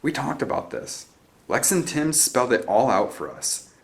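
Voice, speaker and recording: A man's voice: mid-range voice, big pitch swings, moderate pace, gravelly, pitched above the performer's own voice. A man reading the part of an eighteen-year-old boy who leads his team, giving orders in a cool, self-assured way.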